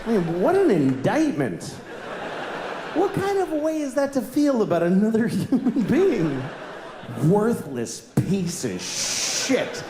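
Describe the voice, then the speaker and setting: A man performing stand-up, ranting at himself and breaking into shouts. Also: very high-pitched, sing-song, moderate pace. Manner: self-mocking rant, bursting into shouts. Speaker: stand-up comedian. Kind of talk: stand-up comedy routine. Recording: echoey live room with noise.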